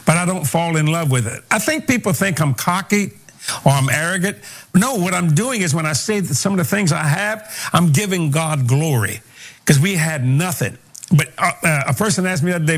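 An older man with a drawl tells folksy stories in an animated way, stumbling and repeating his words as he goes. His voice sits a touch higher than most men's. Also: moderate pace. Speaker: preacher, guest. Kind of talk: storytelling interview.

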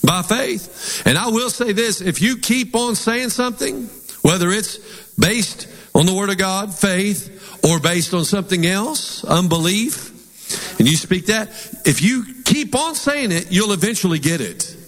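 A man's voice: high voice, expressive, a little slow, a bit bright, big-room sound. A man preaching a sermon as pastor, with emphatic delivery and call-and-response lines for the congregation.

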